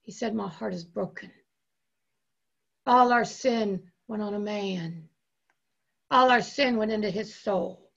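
A woman pastor preaching a sermon with impassioned, drawn-out emphasis and repeated phrases. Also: mid-range voice, dull audio.

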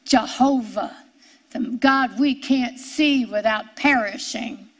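Female Bible teacher, sermon delivery, unhurried, repeats phrases for weight, higher register. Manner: slow, emphatic, drawn-out phrasing with repeated lines. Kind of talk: sermon reading scripture.

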